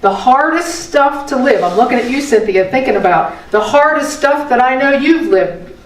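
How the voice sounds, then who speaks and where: A woman's voice: sits high, animated, moderate pace. An older woman giving a folksy, conversational spiritual talk. She repeats phrases and asks her listeners rhetorical questions. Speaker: spiritual teacher. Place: meeting room of a spiritual center. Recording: echoey room, voice from a distant mic.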